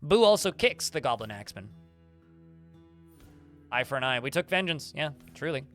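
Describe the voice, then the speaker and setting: A man's voice: medium pitch, big pitch swings, normal speed, a bit bright, soft background music. A man streaming a video game, reading the combat log aloud with many fillers and restarts while chatting with viewers. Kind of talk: livestream gameplay commentary.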